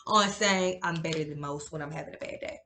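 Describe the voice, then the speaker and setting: A woman in her thirties co-hosting a podcast, chatting in an animated way and laughing often. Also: low-pitched, brisk. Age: 30s. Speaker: podcast co-host. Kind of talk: casual chat.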